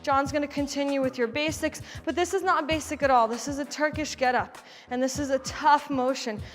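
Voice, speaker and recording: A woman's voice: high-pitched, fairly even intonation, a little fast, big-room sound. A woman fitness instructor leading a live kettlebell class, counting down reps and cueing moves while demonstrating. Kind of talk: live workout class coaching.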